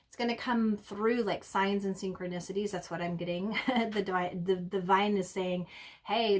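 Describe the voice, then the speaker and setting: A woman giving an intuitive tarot reading, talking in a halting way with many ums and restarts. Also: mid-range voice. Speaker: tarot reader.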